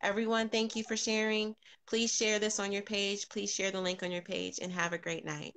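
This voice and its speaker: A woman's voice: medium pitch, flat delivery, moderate pace. Woman hosting a live stream. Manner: warm greetings to viewers, frequent ums. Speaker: podcast host.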